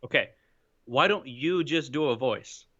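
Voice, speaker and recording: A man's voice: medium pitch, unhurried, sharp tone. Eager male co-host with dull lo-fi audio. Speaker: livestream co-host. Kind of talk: casual livestream chat.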